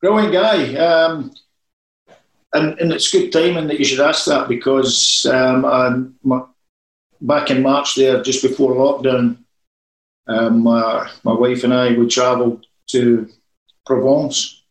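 A man's voice: mid-range voice, steady tone, slow pace. Rambling man in an echoey room. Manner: anecdotal, rambling storyteller. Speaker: former football manager. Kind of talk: casual interview chat.

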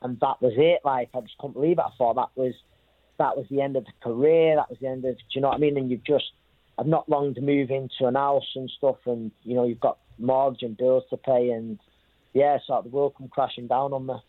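A man's voice: mid-range voice, steady tone, fairly quick, no echo. A man, a boxer recounting a story in an interview, rambling and repeating himself as he quotes others. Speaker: boxer telling his story. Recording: thin phone-like sound.

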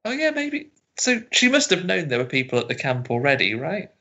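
A man's voice: medium pitch, very animated, brisk, pushed and bright, dull audio. A man co-hosting a podcast, chatting casually about a film and telling stories. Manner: chatty storyteller, drops into voices for quotes. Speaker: podcast co-host.

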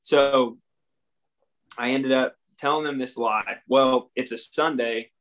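A man's voice: medium pitch, fairly even intonation, takes it slowly, a bit bright. A young man with a drawl, a podcast guest candidly telling his own story in plain, earnest speech and acting out the lines he once said. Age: young adult. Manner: earnest, plain-spoken, acts out his own past dialogue. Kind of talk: candid storytelling about addiction recovery.

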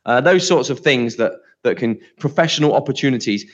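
A man's voice: mid-range voice, lively intonation, brisk. A man from Britain co-hosting a podcast, chatting casually and rambling through restarts and fillers. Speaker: podcast co-host. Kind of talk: casual chat. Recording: dull lo-fi sound.

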